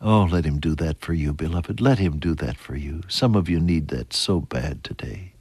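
An older man preaching a sermon. He rises to loud emphasis on scripture and drops to soft, near-whispered lines. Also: a bass voice, normal speed, husky, no echo. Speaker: pastor.

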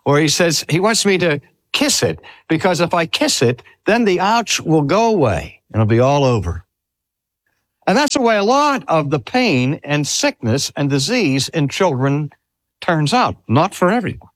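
An older man delivers a sermon with a strongly rising and falling voice. He draws out key phrases slowly and poses earnest rhetorical questions. His voice is recorded dry, with little room sound. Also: a little high, sing-song, no room sound. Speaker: preacher. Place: talk at a cancer hospital.

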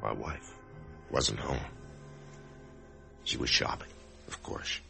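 An actor playing an anxious office worker who expects to die, narrating and speaking in a hesitant, stammering way in an old radio drama. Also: male voice, very deep voice, slow, creaky, bright, forceful tone, soft background music, exaggerated voice. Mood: brooding. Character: anxious male office worker facing death. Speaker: narrator and lead character. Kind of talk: 1950s radio drama acting.

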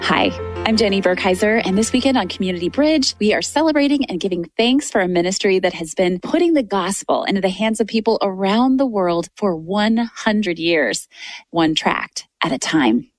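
Female radio host, reverent and welcoming, dry booth, mid pitch. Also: expressive, normal speed, no room sound, soft background music. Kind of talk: radio show hosting.

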